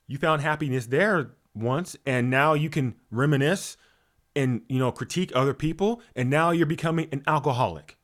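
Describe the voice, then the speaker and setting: A man delivers a motivational teaching talk with a slightly high voice. He sounds preachy and animated, leaning on rhetorical questions, stumbling restarts and sudden shifts between loud emphasis and softer asides. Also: moderate pace. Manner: preachy, repeats words, many fillers and rhetorical questions. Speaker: spiritual coach.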